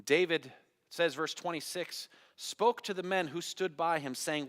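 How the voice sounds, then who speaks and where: In a church sanctuary, a man serving as pastor delivers a sermon in a fairly high, slightly bright voice at a somewhat slow pace. He tells a Bible story with dramatic flair, voicing its characters and putting questions to the congregation, all wrapped in long, churchly hall reverb.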